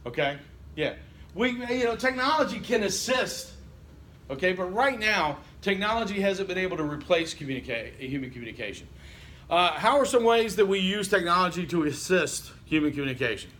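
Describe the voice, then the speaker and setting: A man's voice: sits high, expressive, normal speed, fairly bright tone, slight background noise. A male college instructor, giving a casual classroom lecture and quizzing students with lots of okays. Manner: conversational, asks the class questions, frequent okay and you know.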